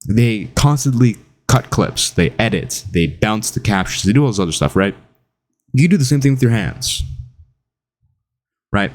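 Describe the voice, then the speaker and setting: A young man giving casual self-improvement advice in an animated, jokey way, acting out quotes. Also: on the low side, moderate pace, pauses often. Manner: animated, jokey, laughs at his own stories, acts out quotes. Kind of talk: casual talking-head advice video.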